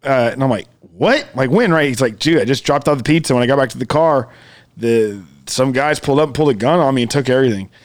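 A man's voice: medium pitch, fast. A man, co-hosting a casual chat and telling a long story, acting out every quote and swearing freely. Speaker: podcast co-host.

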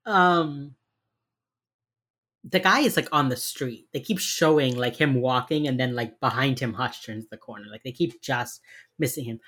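A woman's voice: rumbling low, normal speed, a bit bright. A woman co-hosting a casual chat, retelling a TV episode and acting out its characters' lines, with a mild speech impediment. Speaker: podcast co-host recapping a TV episode.

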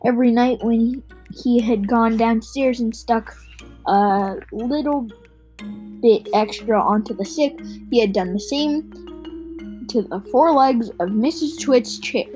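A woman reading a children's book aloud at an unhurried pace, with small slips and restarts. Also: on the high side, dark tone, soft background music, poor audio. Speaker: reader.

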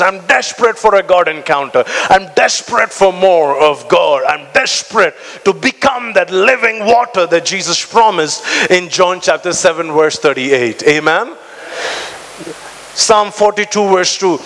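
Fervent high-voiced preacher in a reverberant hall. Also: male voice, moderate pace, fairly bright tone. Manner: fervent preaching, stretching words and calling out to the congregation; repeats words and restarts often. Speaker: pastor. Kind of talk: sermon.

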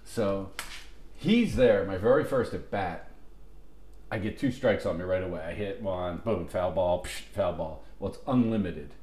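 A man's voice: low voice, a little slow, a little mellow, reverberant. A middle-aged man telling long, rambling, profane stories to friends on a podcast, with restarts and laughter. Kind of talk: casual storytelling among friends.

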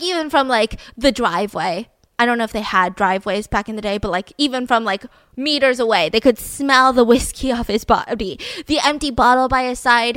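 A young woman hosting a podcast, retelling a true-crime story in a chatty, animated way. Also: a little high, dry recording. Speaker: podcast host.

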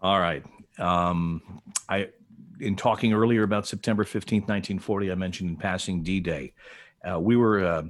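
A man's voice: low voice, fairly even intonation, normal speed. An older man, a veteran broadcaster, telling stories as a podcast guest in a rambling, restarting way. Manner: digressive storyteller with frequent restarts and laughs. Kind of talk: casual podcast conversation, storytelling.

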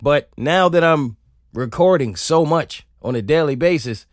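A man hosting a podcast, telling funny stories in an animated, laughing, profane comic monologue, close on a studio mic. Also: fairly high pitch, a little slow, no room sound. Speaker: podcast host. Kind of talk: comedic solo monologue.

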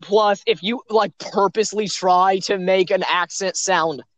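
A man's voice: sits high, fairly even intonation, measured pace, fairly bright tone, slight background noise. A man co-hosting a casual podcast, rambling and circling back to finish his points. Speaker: podcast co-host.

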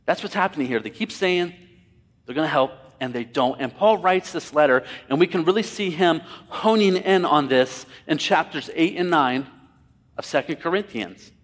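Slightly high-voiced male pastor preaching. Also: moderate pace. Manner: conversational, emphatic preaching that addresses the congregation directly. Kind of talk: sermon. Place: church sanctuary. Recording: long hall reverb.

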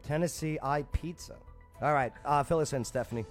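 A man's voice: fairly high pitch, fairly quick, faint music behind. A man hosting a morning show, teasing his co-hosts and joking in casual banter. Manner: teasing, animated, jokey.

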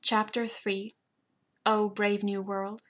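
A woman narrating a novel chapter in a steady, even reading voice. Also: mid-range voice, slow pace. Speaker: audiobook narrator. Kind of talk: storybook narration.

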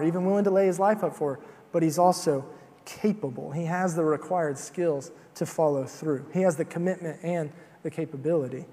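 A man giving a sermon in an easy, conversational manner, often pausing on fillers and repeating his first words. His voice sits fairly high for a man. The sound rings with the long reverb of a large hall. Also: a little mellow. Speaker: preacher.

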